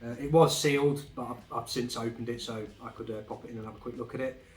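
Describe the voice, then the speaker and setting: A man chatting casually about his game finds, relaxed and rambling with fillers. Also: medium pitch, quick pace. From England. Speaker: game collecting vlogger. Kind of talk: casual chat. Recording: echoey room, faint music behind.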